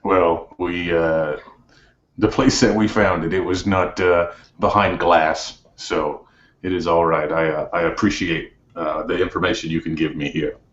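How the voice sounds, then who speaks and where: A man playing a tabletop game, speaking in a hesitant, halting way. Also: low voice, steady tone, fairly bright tone. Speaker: player. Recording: lo-fi sound in an echoey room.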